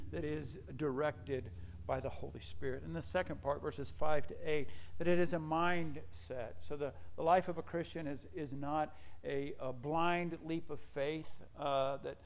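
A male pastor delivers a sermon in a slightly high voice. He tends to let his voice fall away at the moments he means to stress, then grows lively and self-mocking as he tells a story about himself. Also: vocal fry. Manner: drops his voice at points of emphasis; animated storytelling with self-deprecating asides.

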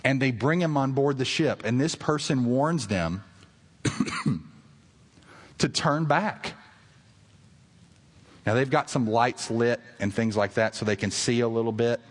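A man's voice: animated, takes it slowly, pauses often. A man pastor delivering a sermon to his congregation, earnest and rising to emphatic peaks. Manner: earnest preaching that swells to emphatic highs. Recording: long reverb of a large hall.

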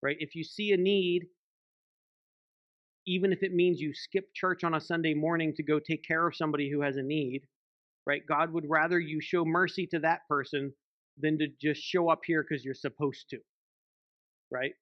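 A man's voice: fairly high pitch, steady tone, normal speed, no room sound, dull audio. A man, a church elder, preaching a sermon in a conversational way, often checking in with the congregation by asking "right?". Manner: conversational, frequent "right?" tag questions.

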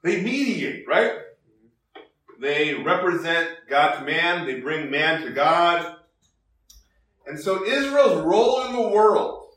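A man's voice: high-pitched, fairly bright tone. A man teaching from the Bible in a conversational sermon, with many restarts and fillers and a lift in his voice when he quotes the text. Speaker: preacher. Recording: very echoey hall, voice from far off.

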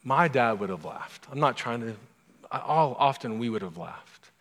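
A pastor giving a sermon in a casual, storytelling way, breaking off for asides to the congregation. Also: male voice, mid-range voice, lively intonation, measured pace, gravelly, fairly bright tone. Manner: conversational, self-interrupting storyteller with asides to the congregation. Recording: long hall reverb.

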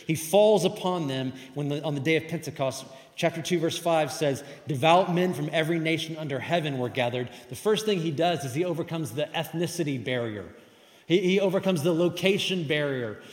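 A man giving a sermon as pastor, emphatic and conversational. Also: on the high side. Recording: echoey hall with long reverb.

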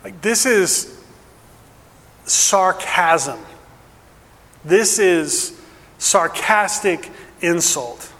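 A male pastor preaching a sermon earnestly, dropping to a hush and then building with emphasis. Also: high voice, animated, very slow, long pauses, in a large hall.

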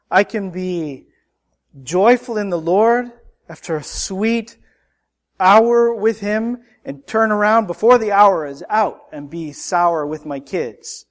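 A middle-aged male pastor preaching a sermon, building emphasis and often repeating words as he speaks. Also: high-pitched.

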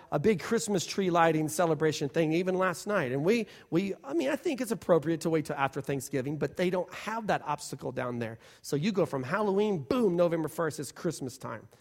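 A man preaching a sermon in a church, conversational and animated, building to emphatic declarations. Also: a little high. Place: church worship center.

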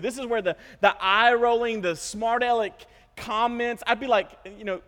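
High-voiced pastor preaching in a hall. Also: male voice, normal speed, few pauses. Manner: animated storytelling, self-interrupting, joking asides. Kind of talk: sermon. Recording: long hall reverb.

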